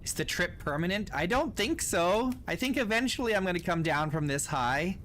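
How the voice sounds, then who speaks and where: A man giving jokey, wry let's play commentary, sometimes bursting into loud laughing yelps and coughing now and then. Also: high voice, animated, moderate pace, a little hiss or hum. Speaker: gaming YouTuber.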